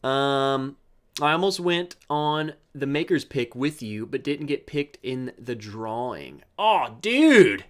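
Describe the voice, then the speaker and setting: A man's voice: medium pitch, slow pace, smooth. A man hosting a live stream, chatting casually and joking as he greets viewers by name. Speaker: livestream host. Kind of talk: casual live chat reading viewer comments.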